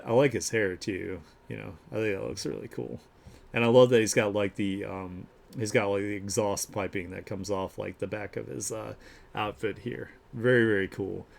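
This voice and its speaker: A man with a somewhat low voice hosts a casual stream, talking loosely and warmly excited about the pictures in front of him. He wanders through sentences with plenty of fillers and restarts, always coming back to praise. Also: creaky. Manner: rambling and upbeat, many fillers and restarts; gushes over the artwork he shows. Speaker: streamer hosting an art share. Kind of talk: casual live-stream commentary.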